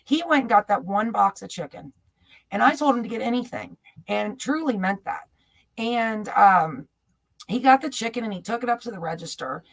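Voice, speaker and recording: A woman's voice: mid-range voice, animated, moderate pace, gravelly. A middle-aged woman co-hosting a casual chat, telling personal stories in a heartfelt way. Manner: heartfelt storytelling. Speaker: co-host.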